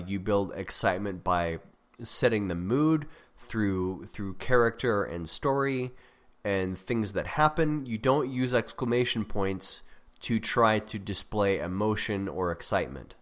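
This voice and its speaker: A man's voice: on the low side, lively intonation, unhurried. A man hosting a podcast, talking casually about writing craft with fillers and restarts. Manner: conversational, self-correcting with frequent fillers. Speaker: podcast host.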